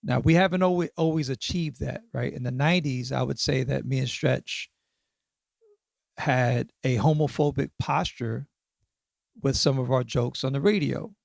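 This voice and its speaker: Medium-pitched with vocal fry, this fifties-aged author speaks at normal speed on a clean studio recording without room sound. Appearing as a podcast guest in a casual interview, he thinks back on his experiences, regularly checking in with "right?" and "you know."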